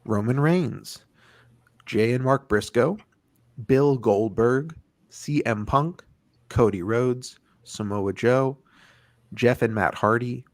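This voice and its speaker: A man's voice: mid-range voice, takes it slowly, pauses often, no echo. A man co-hosting a casual podcast, blunt and given to crude jokes, reading lists off steadily. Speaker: podcast co-host. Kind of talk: casual debate chat.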